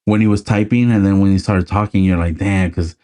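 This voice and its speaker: Laid-back man with a dark, low voice. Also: steady tone, a little fast. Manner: laid-back, swears freely, acts out quotes. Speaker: podcast co-host. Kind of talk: casual chat.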